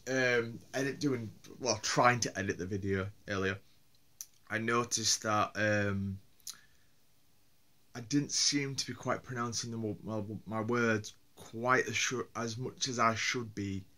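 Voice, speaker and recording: A man's voice: on the low side, steady tone, unhurried, sharp tone. A man from Yorkshire with a Yorkshire accent, vlogging on his own in a rambling, hesitant way with many fillers and restarts. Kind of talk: casual solo vlog.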